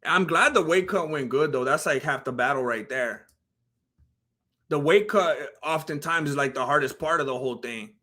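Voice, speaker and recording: A young man on a live stream chats casually over a fight video, his voice on the high side and his pace moderate. Animated, he tells the story by voicing the people in the clip.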